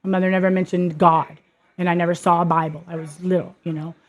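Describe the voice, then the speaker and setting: She talks fast, her voice lowish and her tone level. As host of her own podcast, this woman gives a personal testimony monologue, starting earnest and becoming emphatic and heated.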